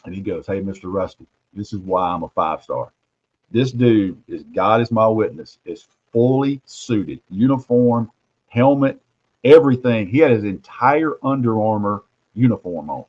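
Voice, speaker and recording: A man hosting casual sports talk. He tells stories animatedly, dropping to hushed asides and rising for loud punchlines. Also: lowish voice, expressive, moderate pace, dry recording. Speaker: host, recruiting reporter. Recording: muffled lo-fi audio.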